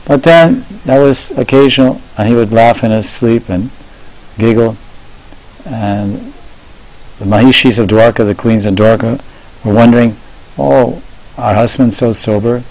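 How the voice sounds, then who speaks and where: A monk giving a devotional sermon, telling stories in a measured way and slowing down to stress key words. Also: male voice, mid-range voice, a little mellow, low-quality recording. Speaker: monk lecturer.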